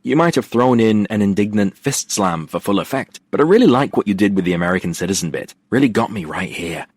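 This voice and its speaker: A man's voice: fairly low pitch, animated, fast talker, darkish tone, no room sound. A man voicing a playful prankster friend in an audiobook, teasing in an amused tone.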